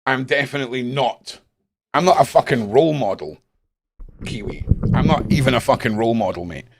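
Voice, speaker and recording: A Scottish man hosting a live stream, chatting casually with his viewers in a blunt, animated way and swearing constantly. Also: mid-range voice, brisk, a little hiss or hum. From Scotland. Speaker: live-stream host reading chat. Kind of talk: casual rambling chat.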